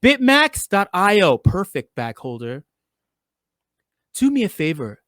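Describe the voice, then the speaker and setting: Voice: medium pitch, big pitch swings, measured pace, pauses often, a bit bright, no room sound, clean studio sound. A game show host running a live online contest, playful and teasing, swearing freely and stalling by drawing words out.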